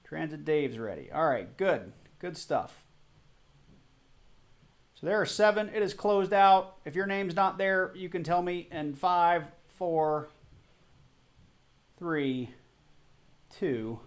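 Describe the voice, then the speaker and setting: A man hosting a casual live stream, chatty and a bit flustered, apologizing as he goes. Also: a little high. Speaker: livestream host.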